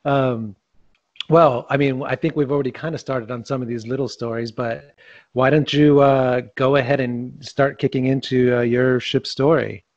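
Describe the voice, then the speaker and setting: A man's voice: medium pitch, fairly even intonation, normal speed, no room sound, highs cut off. Friendly male podcast host, dry sound. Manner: friendly, laughs along. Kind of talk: casual interview.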